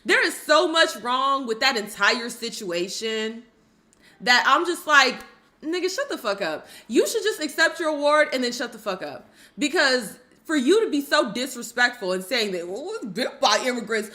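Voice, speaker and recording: Woman, high-pitched, bright, blunt heated commentary. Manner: blunt and heated, with profanity and rhetorical questions. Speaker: commentary streamer. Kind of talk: opinionated casual commentary.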